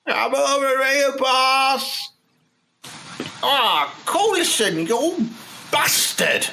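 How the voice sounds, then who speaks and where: A man's voice: very high voice, animated, drawn-out words, creaky, pushed and bright, slight background noise, voice pushed up, full character voice. A man voicing a foul-mouthed older football manager, who rants and swears constantly in a comedy sketch. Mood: grumbling.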